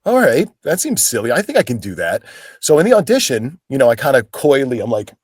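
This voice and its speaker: A man's voice: mid-range voice, wildly swooping pitch, brisk, breathy edge, dry recording, studio quality. A man from Pennsylvania, an actor as a guest, telling stories in a casual interview and acting out quoted lines in voices.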